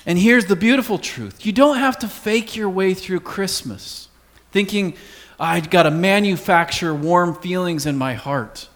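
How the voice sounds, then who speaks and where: A man preaching a sermon as pastor, earnest, dropping to a hush on key words. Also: sits high, a little slow, in a large hall.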